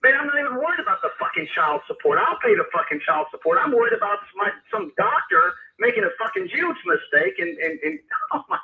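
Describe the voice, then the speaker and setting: A man's voice: high voice, sing-song, fast talker. Outraged swearing man on a phone. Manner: furious, swearing constantly, bursts of stunned laughter. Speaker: prank call victim. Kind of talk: phone call on a radio prank segment. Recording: phone call replayed with crowd noise.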